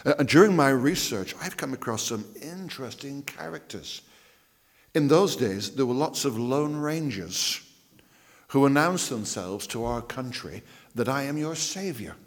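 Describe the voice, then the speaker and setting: A man preaching a sermon, emphatic, drawing out key words and dropping to a hush. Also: mid-range voice, lively intonation. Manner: emphatic, drawn-out phrasing with dramatic drops to a hush. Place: church. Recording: reverberant church hall.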